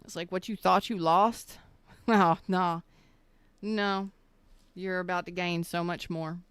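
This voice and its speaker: A woman gives a live tarot reading, choked up and emotional, her words slow and soothing with halting pauses. Her voice sits somewhat low and sounds smooth and resonant, recorded close and dry. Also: fairly even intonation, a bit bright, no room sound. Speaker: tarot reader.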